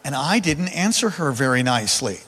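A man's voice: mid-range voice, moderate pace, husky, in a large hall. A man preaching a sermon, telling a personal story and speaking directly to his congregation. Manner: animated, addresses congregation directly. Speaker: pastor. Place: large hall or church.

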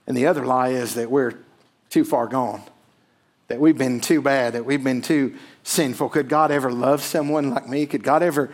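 A male pastor preaching a sermon, emphatic, swelling loud and then dropping almost to a hush, often checking in with "right?". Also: medium pitch, normal speed.

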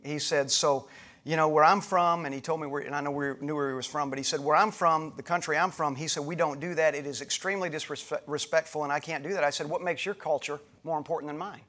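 A man's voice: on the high side, steady tone, fast talker, pushed and bright. A middle-aged man from the United States, a pastor preaching a sermon, retelling a conversation in a loose, conversational way with frequent restarts. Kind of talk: sermon storytelling.

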